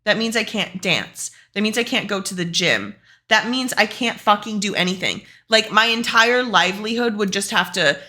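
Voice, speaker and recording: A young woman streamer vents to her chat in a loose, profane rant. Her voice swoops lively up and down and has a bright, sharp edge. She hits her words hard and keeps the talk casual. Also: medium pitch. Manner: profane, animated, fast and emphatic.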